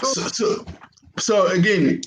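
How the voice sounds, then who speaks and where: A man's voice: sits high, lively intonation, takes it slowly, roomy sound, background noise. A man hosting an interview who asks probing questions and restates his guest's points. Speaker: interview host.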